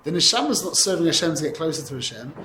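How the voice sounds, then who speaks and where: A man teaching a lively Torah class to students, animated and quick to correct himself, using Hebrew and Yiddish terms. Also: a little high, roomy sound, a crowd in the background, rough recording.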